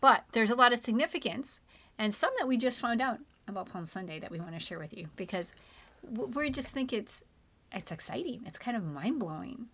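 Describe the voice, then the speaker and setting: A middle-aged mother co-hosting a faith podcast, talking in an earnest, emotional way and slowing down for emphasis. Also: on the high side, expressive, a bit bright.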